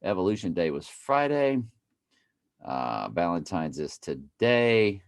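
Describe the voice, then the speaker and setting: A man's voice: low voice, big pitch swings, slow pace, clear, resonant tone. A man giving casual, playful commentary over a video he plays, repeating phrases in a mock chant and breaking into sudden exclamations.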